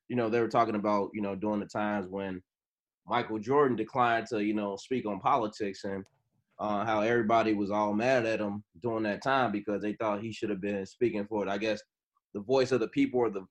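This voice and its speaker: A man's voice: on the low side, steady tone, fairly quick. A man co-hosting a podcast, introducing a topic in a rambling, hesitant way. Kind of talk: casual chat.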